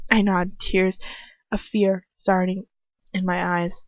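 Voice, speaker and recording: Woman reading fanfic out loud, dramatic, throws in her own comments, dry slightly muffled mic. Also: on the low side, level tone, slow pace, dry recording. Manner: dramatic, breaking off into laughing commentary. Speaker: fanfiction reader. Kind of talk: reading a story aloud with asides.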